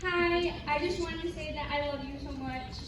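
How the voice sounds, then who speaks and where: A woman's voice: high voice, fairly even intonation, moderate pace. A woman in the audience eagerly asking a question at a convention panel, a little hesitant. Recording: echoey hall, voice from far off, background noise.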